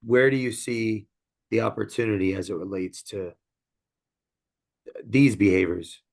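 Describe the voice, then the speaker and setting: Male podcast host with a gravelly voice, asks pointed questions and nods along with short replies. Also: fairly low pitch, unhurried, darkish tone. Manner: short affirming interjections, probing questions. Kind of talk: casual interview talk.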